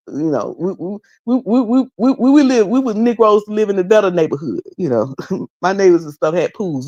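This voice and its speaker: A woman's voice: medium pitch, darkish tone, dry recording, dull audio. A middle-aged woman from North Carolina with a Southern accent, casually chatting to her livestream viewers, repeating phrases and mimicking people as she goes. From High Point, North Carolina. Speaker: livestream host.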